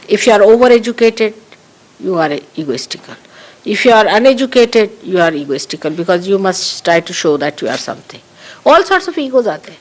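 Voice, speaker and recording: Woman spiritual teacher, mid-pitched voice, emphatic, repeats her points, archive talk. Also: low-quality recording. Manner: emphatic, repeats key phrases for stress. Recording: 1982 archive recording of a talk.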